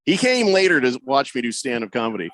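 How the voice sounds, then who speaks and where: In a radio studio, an animated male host with a bright, medium-pitched voice talks fast through casual sports banter, imitating the people he quotes as he tells stories. A close studio mic gives a dry sound with no room tone.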